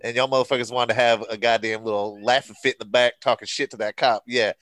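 A man in casual chat with friends, telling animated stories and swearing freely. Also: mid-range voice, fast, dry recording.

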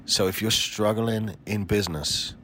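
A man's voice: fairly low pitch, unhurried, pushed and bright, a little hiss or hum. A man in his forties hosting a solo podcast, talking in a blunt, emphatic way with frequent swearing. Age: 40s. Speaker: podcast host.

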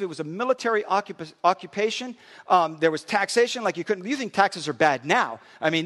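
A man preaching a sermon in a high, very lively voice that leaps up and down. He talks conversationally and often repeats himself mid-sentence. His words ring out with a long reverb, as in a large church hall.

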